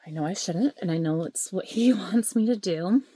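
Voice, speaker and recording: A woman's voice: medium pitch, normal speed, dark tone, husky, no room sound. A woman vlogging from home about her grief, talking in a raw, rambling and emotional way, sometimes dropping to a whisper, into a handheld camera. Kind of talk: candid talking-to-camera vlog. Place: at home, indoors. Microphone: handheld camera or phone.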